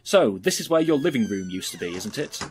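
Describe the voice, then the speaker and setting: A man's voice: mid-range voice, big pitch swings, fairly quick, slight background noise, close to an everyday voice. A man playing an overeager, pushy home makeover TV host, with a theatrical presenter's delivery. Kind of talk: sketch comedy acting.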